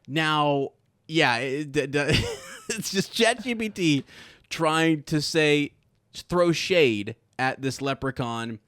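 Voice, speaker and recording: A man's voice: a little high, animated, slow, a bit bright, clean tone, dry recording. A man co-hosting a casual podcast chat, reading jokes aloud, laughing often and stumbling over words. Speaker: podcast co-host.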